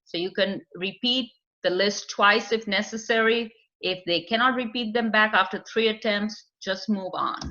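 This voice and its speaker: A woman with a non-native English accent explains a screening test in a training lecture, using lots of fillers and acting out client quotes. Her mid-range voice moves at a moderate pace and sounds pushed and bright. The recording is dull and lo-fi.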